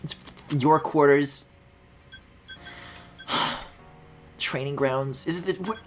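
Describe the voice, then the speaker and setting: A woman streaming a video game, chatting casually and swinging between loud squealing outbursts and low mutters, swearing often. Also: slow pace, pauses often, faint music behind.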